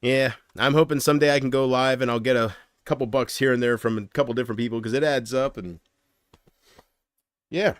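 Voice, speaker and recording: A man talks casually to his livestream viewers in a dry, close-sounding room. He rambles and gripes, getting loud over small annoyances, then dropping into muttered asides. His pitch sits in a middling range and his sentences often trail off. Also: fairly even intonation, fairly quick, clean tone, no echo.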